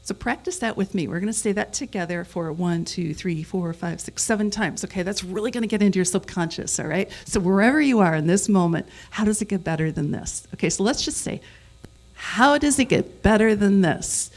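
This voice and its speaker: A woman's voice: medium pitch, fairly quick. A middle-aged woman giving a conversational sermon as guest speaker, leading the congregation in repeating phrases together. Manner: leads the congregation in call-and-response repetition; conversational, with self-corrections.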